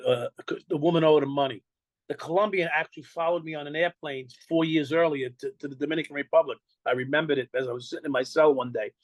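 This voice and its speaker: A man's voice: a little high, no echo, rough recording. An older man with a New York accent, telling his own story in an interview in a blunt, profane way and acting out the dialogue he quotes. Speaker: interview guest.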